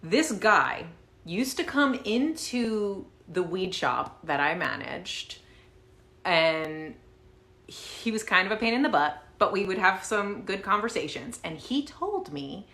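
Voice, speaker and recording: A woman host casually telling a story to her viewers, animated and swearing freely, with lots of fillers. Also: medium pitch, slow, creaky. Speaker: channel host. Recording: roomy echo.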